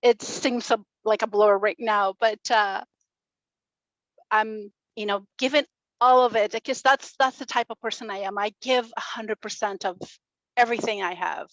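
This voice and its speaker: A woman in her forties giving a motivational talk at a summit, telling her story with warmth, laughter and acted-out quotes. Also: mid-range voice, moderate pace, no echo, highs cut off. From Chile. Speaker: speaker at a summit, radio and podcast host. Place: stage at a summit.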